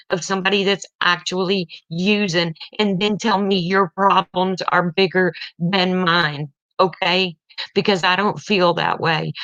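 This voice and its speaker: A woman's voice: lowish voice, a bit bright, no room sound. Heated, blunt middle-aged woman, dull lo-fi sound. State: tearful at times. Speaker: parent venting online. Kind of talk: emotional personal rant.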